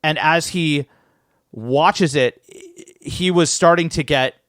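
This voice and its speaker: A man co-hosting a casual podcast, talking in an animated way with plenty of restarts and some swearing, close to the mic. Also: a little high, slow pace, dry recording. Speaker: podcast co-host.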